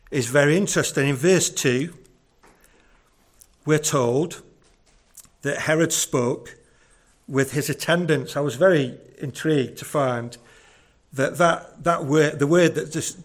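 Male preacher, higher-pitched, conversational sermon delivery with earnest repeats.

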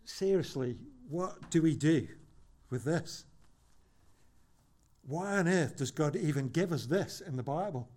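A man preaching a sermon as pastor in church, conversational and wry with dry humorous asides, slowing down to land emphatic points. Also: fairly high pitch, animated, a little mellow. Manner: builds to slow, emphatic points.

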